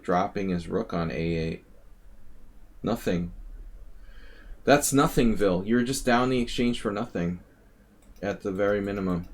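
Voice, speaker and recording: A man coaching chess over a live stream, thinking aloud in a chatty way and catching himself mid-thought as he walks through a game. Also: lowish voice. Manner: thinking aloud, quick corrections, chatty asides. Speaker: chess coach analyzing subscriber games.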